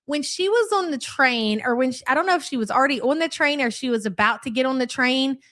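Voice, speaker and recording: A woman's voice sitting a bit high in pitch, trading in crude, profane mockery. She hosts a live reaction stream and keeps up a loose, chatty patter while reading out her viewers' comments. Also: expressive, fast talker, a bit bright. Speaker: livestream commentary host.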